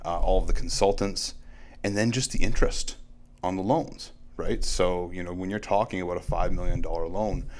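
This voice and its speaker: A man's voice: deep voice, normal speed, a little mellow. A man who is a realtor and company CEO, guesting on a podcast and talking casually, leaning on "like" and "right?" as he explains. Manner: conversational, fills with "like" and "right?". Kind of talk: casual interview talk.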